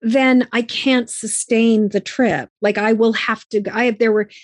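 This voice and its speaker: A woman's voice: fairly high pitch, steady tone, unhurried, no echo, studio quality. A woman hosting a casual conversation, chatty and telling stories. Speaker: podcast host.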